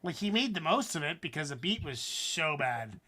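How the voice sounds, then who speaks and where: A man hosting a livestream, judging a rap battle in loose, animated talk with some swearing. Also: on the high side, moderate pace. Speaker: host. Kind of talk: casual livestream commentary.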